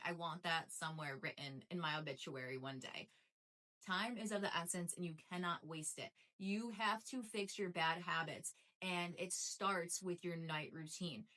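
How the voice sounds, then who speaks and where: Bright-voiced chatty young woman vlogger. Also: on the low side. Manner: chatty and emphatic, fillers and repetition. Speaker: lifestyle vlogger. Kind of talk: casual motivational talk to camera.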